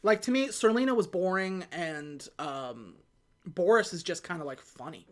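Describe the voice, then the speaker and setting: A woman hosting a podcast, casually retelling a film plot and quickly acting out the characters' lines. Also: on the low side. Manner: animated retelling with quick put-on quotes. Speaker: podcast host. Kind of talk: casual movie recap chat.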